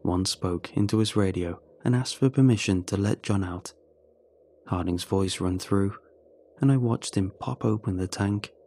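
A man reading a first-person horror story in a measured, steady way. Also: fairly low pitch.

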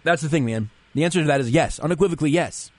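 Man, sports talk host, loose and conversational, slightly high voice. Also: rapid-fire, a little mellow, dry recording. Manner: rambling, conversational, reads listener comments aloud. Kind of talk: casual sports talk show.

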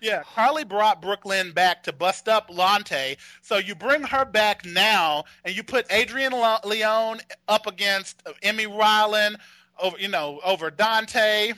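A high, bright-toned man chatting loosely and gossiping with friends. He is animated and often slips into acted-out lines. The sound is dry and close. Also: a little slow, no room sound. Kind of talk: casual chat.

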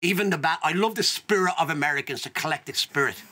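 A man's voice: a little high, quick pace, bright, forceful tone. An Irish man hosting an interview, chatty and openly emotional, laughing often. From Ireland. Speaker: host. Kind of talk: casual interview chat.

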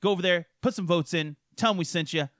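A man's voice: sits high, fast talker, a bit bright, dry recording, studio quality. A man co-hosting a podcast, ranting and swearing in crude casual chat, laughing often. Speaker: podcast co-host.

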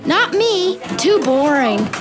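A self-important schoolboy voiced by a woman who talks high and slow, always pushing himself forward. He is a character in a children's audio drama. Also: very animated, over music, heavily acted. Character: boastful show-off schoolboy.

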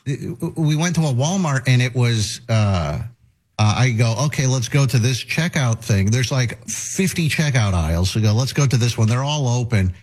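A man's voice: medium pitch, animated, moderate pace, a little mellow. A middle-aged man hosting a radio show, telling a long rambling anecdote full of restarts and acted-out quotes. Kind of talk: casual talk radio storytelling.

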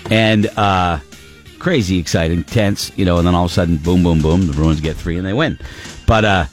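A man's voice: low-pitched, moderate pace, soft background music. A middle-aged man hosting a morning radio show, telling rambling stories in casual banter with lots of fillers and restarts.

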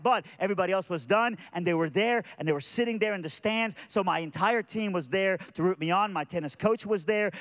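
A middle-aged man preaching a sermon as a personal story, animated and stumbling over restarts as he builds excitement. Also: sits high. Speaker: pastor. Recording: long hall reverb.

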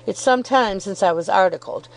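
A woman's voice: mid-range voice, normal speed, natural voice, poor audio. A woman voicing a good-humoured, cheerful young law student in an audiobook, chuckling and self-deprecating. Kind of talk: audiobook character reading.

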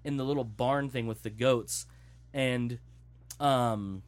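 A young man speaks slowly in a mid-range voice, casually retelling a movie plot. His telling is animated and profane, with lots of swearing and quotes acted out.

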